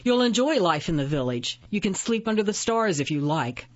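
A woman's voice: on the low side, sing-song, normal speed, highs cut off. A woman voicing an arrogant, scheming young nobleman who speaks in a haughty, commanding way, in a storybook reading.

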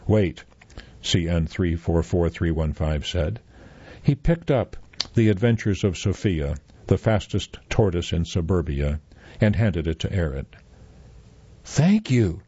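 A man reading a story aloud as narrator, in measured scripted narration. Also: deep voice, expressive, warm tone, husky, no echo. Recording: dull, muffled dry recording.

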